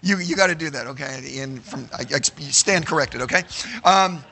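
A man teaching a sermon to a live audience, animated and emphatic, checking in with the room with frequent "okay?" and at times shouting a phrase for emphasis. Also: fairly high pitch, normal speed, creaky. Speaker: Bible teacher.

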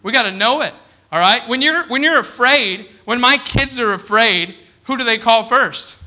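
Middle-aged preacher, man, lively sermon delivery, very bright tone. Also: very high voice, moderate pace. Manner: animated preaching with frequent "all right?" check-ins. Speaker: pastor.

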